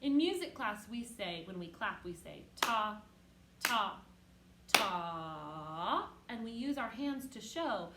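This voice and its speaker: A woman teaching an online music lesson to young children, patient and encouraging, who chants rhythm syllables loudly for the kids to copy. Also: fairly high pitch, big pitch swings, normal speed, hardly any pauses, echoey room, very noisy.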